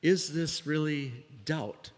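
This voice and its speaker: A man's voice: on the high side, slow. A man preaching a sermon in a conversational way, sometimes acting out the voices of people he quotes. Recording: reverberant hall.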